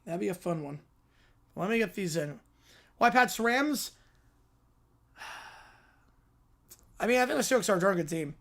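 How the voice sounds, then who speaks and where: A live stream host chatting in a reaction stream, quickly reading out viewer questions and answering them. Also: medium pitch, animated, fairly bright tone. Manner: rapid, reads out viewer questions.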